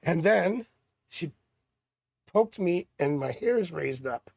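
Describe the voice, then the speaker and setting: A man's voice: high voice, animated, slow, vocal fry, darkish tone, husky, no room sound, studio quality. A middle-aged man hosting a live tarot stream, chatting casually and drifting off into rambling personal stories. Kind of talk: casual livestream chat.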